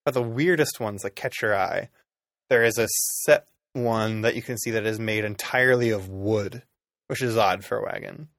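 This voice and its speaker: A man's voice: fairly low pitch, normal speed, fairly bright tone, no echo, studio quality. A man narrating a tabletop game as game master, loose and rambling with lots of ums.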